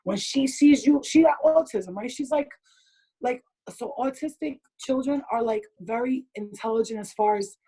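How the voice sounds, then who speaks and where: A woman's voice: fairly high pitch, normal speed, mellow, breathy edge, rough recording. A woman hosting a group video call, giving blunt advice in casual chat, swearing freely and laughing often.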